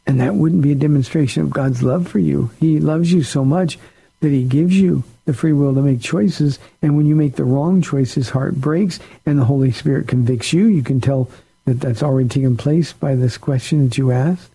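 A man's voice: medium pitch, normal speed, vocal fry, warm tone, slightly rough, poor audio. A pastor on a call-in radio show, a man answering listener questions in an earnest, plain-spoken way.

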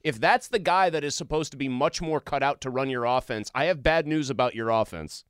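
A man's voice: mid-range voice, fairly quick, clear, resonant tone, dry recording, studio quality. A man co-hosting a casual sports talk show, blunt and sarcastic in his opinions. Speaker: sports podcast co-host.

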